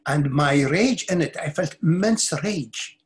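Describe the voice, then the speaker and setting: A man's voice: on the high side, animated, a little slow. A middle-aged man, a spiritual teacher, telling a personal story in an interview with intense earnestness, often repeating and restarting words.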